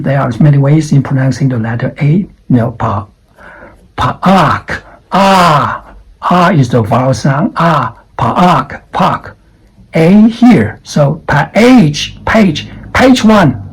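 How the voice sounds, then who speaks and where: A man teaching English pronunciation, repeating each word slowly as a drill. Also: fairly high pitch, a little mellow, breathy edge, poor audio. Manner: slow, repeats words for drills. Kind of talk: pronunciation lesson.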